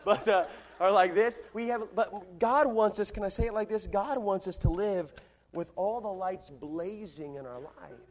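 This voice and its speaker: A man preaching a sermon in a large church, emphatic, repeating his phrases and swinging between loud and soft delivery. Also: high voice, normal speed. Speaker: pastor.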